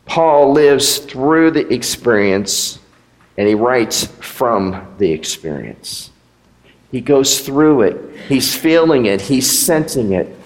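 A man preaching a sermon as pastor, animated, with rising emphasis and rhetorical questions. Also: mid-range voice, slow pace. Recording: echoey hall.

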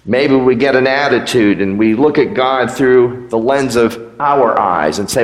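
A man's voice: mid-range voice, moderate pace, hardly any pauses. A man preaching a sermon as pastor, in a conversational way with rhetorical questions. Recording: echoey hall with long reverb.

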